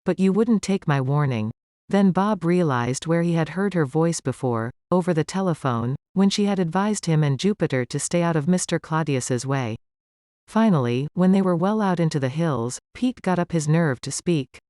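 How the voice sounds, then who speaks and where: A man reads a mystery audiobook in a steady storytelling voice. His pitch rises and falls freely. The recording is dry and close. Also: moderate pace, smooth, no echo. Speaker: audiobook narrator. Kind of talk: scripted narration.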